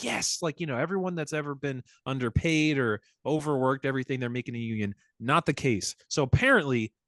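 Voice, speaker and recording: A man's voice: medium pitch, a bit bright, no room sound. A man co-hosting a comic book podcast, explaining a news story in casual chat with lots of fillers. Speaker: podcast co-host.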